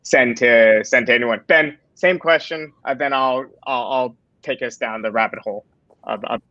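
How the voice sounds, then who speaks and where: A man's voice: mid-range voice, moderate pace, sharp tone, no room sound, dull audio. A man hosting a panel discussion, talking casually with frequent fillers and restarts. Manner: hesitant, many fillers and restarts. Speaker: host and moderator.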